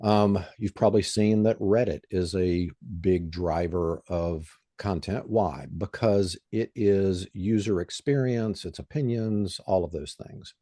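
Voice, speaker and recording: Low-voiced guy explaining stuff on a podcast, kinda husky, lots of ums, dry close sound. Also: measured pace, hardly any pauses, dark tone, no room sound. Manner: plain, explanatory, with lots of "um" and "you know". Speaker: guest expert.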